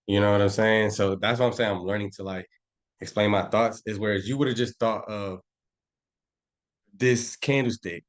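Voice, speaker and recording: A fairly low-pitched man runs a loose, live screen-share lesson. He rambles and talks to himself as he charts, throwing in slang and asides to his students. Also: fairly bright tone. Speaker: trading instructor.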